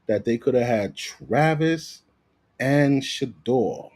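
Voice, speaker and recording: Animated husky man ranting. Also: medium pitch, measured pace. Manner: animated, profane, repeats himself. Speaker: sports commentator vlogger. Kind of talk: casual ranting commentary.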